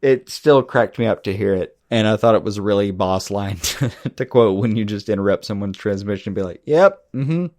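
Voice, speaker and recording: A man's voice: lowish voice, steady tone, brisk, hardly any pauses, darkish tone, no echo, clean studio sound. A man co-hosting a podcast about comic-book shows, chatting casually, laughing often and swearing freely. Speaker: podcast co-host. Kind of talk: casual chat.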